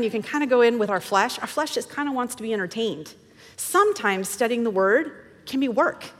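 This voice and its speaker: A woman's voice: a little high, a bit bright, in a large hall. A woman teaching a women's Bible study in a chatty, enthusiastic way, often correcting herself mid-sentence. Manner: conversational, self-correcting, enthusiastic.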